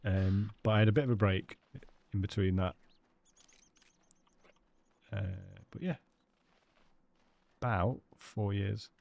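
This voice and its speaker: A man's voice: lowish voice, steady tone, slow pace, vocal fry, pauses often, a little mellow. A British man live-streaming a hunting game, chatting casually with his viewers and greeting them by name.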